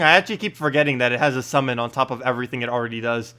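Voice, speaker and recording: A man casually commentating his live game stream, chatty and quick to laugh, with faint game music behind. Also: medium pitch, bright, forceful tone.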